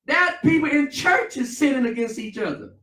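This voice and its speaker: High preacher man, call and response sermon, loud then soft, far off mic in a roomy church. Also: lively intonation, moderate pace. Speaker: pastor. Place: church sanctuary. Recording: echoey church, mic at a distance.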